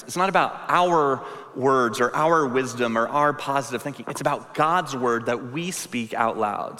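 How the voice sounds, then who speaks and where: A male pastor delivers a sermon in an earnest, emphatic way, driving his points home through repetition. His voice is bright and forceful, and a long reverb trails each phrase as if he speaks in a large hall. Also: mid-range voice.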